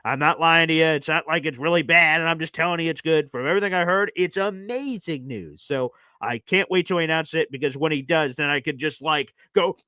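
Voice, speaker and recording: A man hosting a live football talk stream, enthusiastic and animated, often calling listeners "baby". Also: on the high side, brisk, few pauses, clean tone, no echo, studio quality. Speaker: host of a sports talk show.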